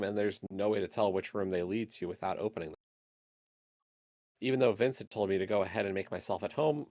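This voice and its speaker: A man streaming a game, reading its narration aloud in a steady, even way. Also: on the low side, no room sound.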